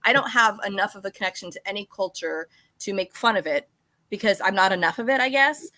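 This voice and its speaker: A woman's voice: mid-range voice, quick pace, pushed and bright, no echo. A woman co-hosting a podcast, joking and chatty in casual conversation. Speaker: podcast co-host.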